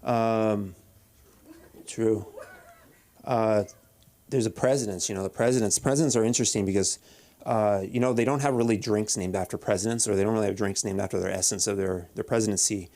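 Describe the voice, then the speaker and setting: A man doing a deadpan stand-up set at an open mic, halting with many restarts and fillers. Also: fairly low pitch. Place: comedy club stage.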